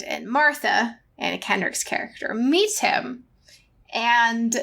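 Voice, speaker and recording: Woman, podcast co-host, animated casual chat, high voice. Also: gravelly. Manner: animated, acts out quotes in raised voice.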